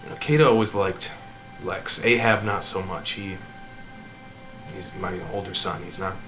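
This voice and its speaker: A man's voice: low-pitched, fairly even intonation, normal speed, over music, close to an everyday voice, rough recording. A man voicing a humble middle-aged farmer and father who talks hesitantly and politely. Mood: somber. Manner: hesitant, polite, many ums.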